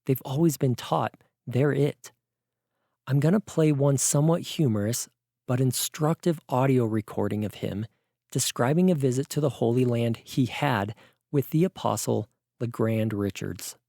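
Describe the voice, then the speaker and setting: Gravelly-voiced man preaching earnestly. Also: mid-range voice, normal speed, mellow, dry recording, clean studio sound. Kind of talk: vlog sermon.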